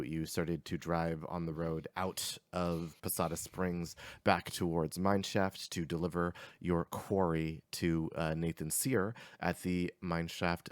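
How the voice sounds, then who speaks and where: A man narrating a tabletop game as game master, halting, with many fillers and restarts. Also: deep voice, smooth, dry recording, studio quality.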